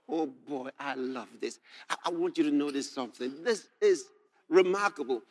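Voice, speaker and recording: A man preaching a sermon, reading scripture aloud and commenting on it, rising to shouts and laughing with delight at the text. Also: fairly high pitch, normal speed.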